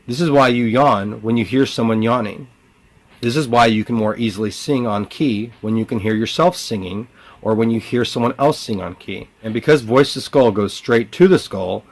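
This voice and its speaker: A man, the channel's owner, explaining things in an earnest, measured monologue. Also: fairly low pitch.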